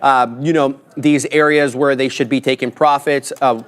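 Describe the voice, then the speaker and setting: Guy mumbling through his trades live, normal pitch, chatty. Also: level tone, moderate pace. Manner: muttering running commentary while placing trades. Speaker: day trader on live stream. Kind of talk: live trading commentary.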